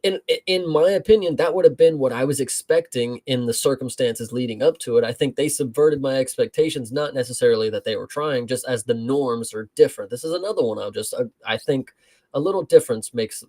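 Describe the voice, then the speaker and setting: A man's voice: mid-range voice, normal speed, darkish tone. A man co-hosting a casual film review, talking in a loose, rambling way with frequent swearing and filler words.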